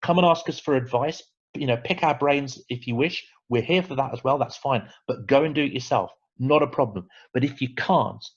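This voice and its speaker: A man presenting a fundraising webinar, emphatic and animated, repeating words for stress. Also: mid-range voice, normal speed, few pauses, breathy edge, dull audio.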